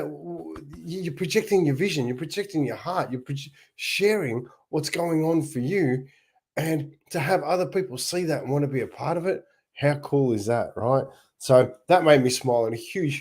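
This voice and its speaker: Upbeat Australian man telling stories, husky voice. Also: medium pitch, darkish tone. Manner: upbeat storytelling with frequent laughs and restarts. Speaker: not-for-profit founder and livestream host. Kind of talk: casual livestream monologue.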